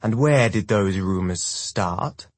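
Man doing a stern father, growling, slow, husky, low-pitched. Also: no room sound. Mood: cold. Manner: growling through clenched teeth, slow. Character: stern abusive father, commanding officer.

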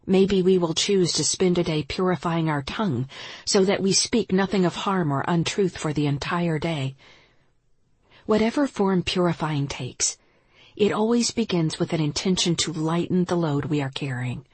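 A yoga teacher reads her spiritual writing aloud in a calm, measured, reflective way. Her voice is low for a woman and very breathy and husky. The sound is close and dry, with no room echo. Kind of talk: reading spiritual nonfiction aloud.

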